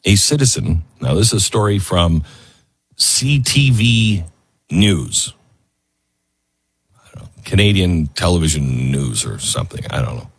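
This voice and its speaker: Sarcastic husky-voiced male commentator. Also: sits low, lively intonation, unhurried, long pauses. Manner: sarcastic, mocking, breaks into put-on voices and laughs. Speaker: show host. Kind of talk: casual political commentary.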